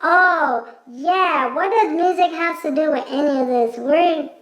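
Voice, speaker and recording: Woman doing a calm young man, high voice, coaxing, echoey room. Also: measured pace.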